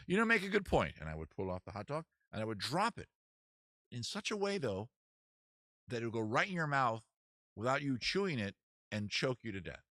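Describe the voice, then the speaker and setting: A man's voice: medium pitch, very animated, moderate pace, long pauses, bright, forceful tone, no echo, clean studio sound. A man from Maryland hosting a comedy advice live stream from his backyard, rambling in a wry, self-deprecating way. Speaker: comedy advice show host. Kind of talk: casual live-stream chat. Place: backyard outdoors next to a heater.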